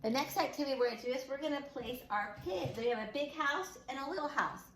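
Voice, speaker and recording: A woman's voice: high-pitched, lively intonation, fairly bright tone, reverberant, low-quality recording. Sing-song preschool teacher woman. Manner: slow, sing-song teacher talk to small children. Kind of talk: online preschool lesson. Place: home room.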